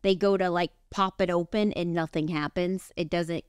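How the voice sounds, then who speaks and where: A woman in her thirties co-hosting a casual podcast, telling stories with animated, high-pitched quoted voices. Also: normal speed, smooth, no room sound, clean studio sound. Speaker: podcast co-host. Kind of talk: casual chat.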